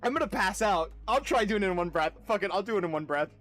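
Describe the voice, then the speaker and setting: High-pitched guy streaming a game, laughs a lot, chatty, faint music behind. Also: expressive. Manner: chatty, laughs often, reads dialogue aloud fast and loud. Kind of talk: casual game-stream chat.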